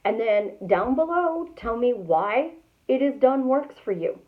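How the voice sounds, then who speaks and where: A woman's voice: on the high side, animated, a little slow. A middle-aged woman hosting a podcast, giving an upbeat motivational talk and stretching out her words for emphasis. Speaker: podcast host and manifesting coach. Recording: tinny phone-like audio.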